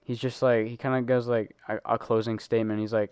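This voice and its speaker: A man's voice: on the low side, flat delivery, normal speed, a little mellow, clear, resonant tone, no room sound, studio quality. A teenage boy co-hosting a podcast, telling a long story in casual chat, rambling with lots of fillers and laughing as he goes. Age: teens. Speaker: podcast co-host.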